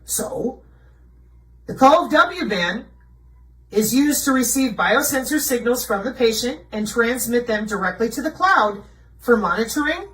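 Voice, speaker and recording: Expressive and unhurried, her slightly high, a bit bright voice comes through a distant mic on a rough recording. As a video presenter doing conspiracy commentary over slides, she is blunt and mocking, answering the rhetorical questions she puts to herself.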